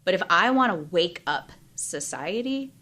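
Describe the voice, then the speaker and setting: A woman in her thirties, a life and business coach, talking openly and emotionally in an interview, with quick bursts of speech and many fillers. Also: fairly low pitch, expressive, sharp tone. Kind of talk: candid interview conversation.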